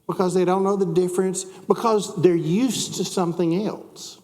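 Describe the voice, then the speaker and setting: A man's voice: high voice, steady tone, normal speed, a little mellow, long reverb tail. A man teaching a church Bible class, chatting with the class, asking them questions and reading scripture aloud.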